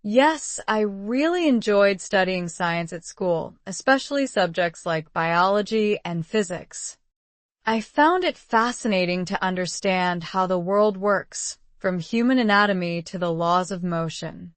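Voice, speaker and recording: A woman reading out model exam answers in an even, polished, measured way. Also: mid-range voice, no room sound. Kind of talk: scripted reading of sample answers.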